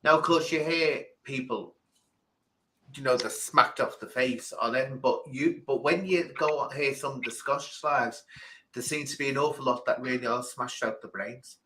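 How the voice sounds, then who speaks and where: A man's voice: medium pitch, normal speed, a little hiss or hum, rough recording. A man hosting a casual live stream, telling stories with emphatic repetition. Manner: animated storyteller, emphatic repetition. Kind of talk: casual chat.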